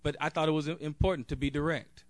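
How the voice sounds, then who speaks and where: A man's voice: on the high side, steady tone, fast talker, dry recording. A man, a national board member, giving an earnest, direct convention speech off the cuff, with a few restarts. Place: convention hall.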